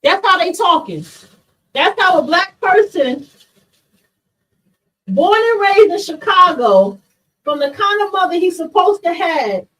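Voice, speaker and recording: A woman hosts a livestream monologue with a high voice, talking straight to her chat. She is blunt and fired up, swears freely and keeps calling her viewers y'all. Her voice sits well back from the microphone. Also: a bit bright, far from the mic, poor audio. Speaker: podcast host.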